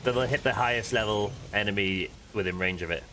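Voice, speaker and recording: A man's voice: fairly low pitch, a little fast, background noise. A man hosting a co-op game stream, chatting casually with friends, joking and swearing freely. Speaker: streamer host. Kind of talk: casual co-op gaming chat.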